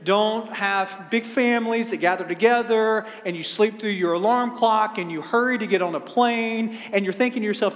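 A man's voice: high voice, moderate pace, few pauses, fairly bright tone, big-room sound. A middle-aged man preaching a sermon as pastor, telling funny family stories with stammered restarts. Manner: humorous storytelling with stammered restarts. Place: church sanctuary.

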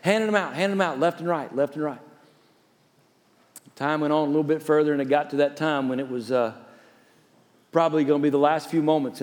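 A male pastor preaching a storytelling sermon, turning from emphatic to soft and hushed. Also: fairly high pitch, big-room sound.

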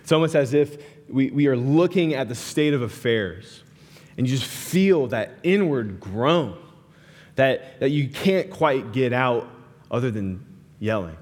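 A man's voice: medium pitch, animated, unhurried, darkish tone. A young man preaching a sermon, talking casually and animatedly, with lots of "like" and "right" as he tells stories. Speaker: pastor. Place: large hall with a live audience. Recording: hall reverb.

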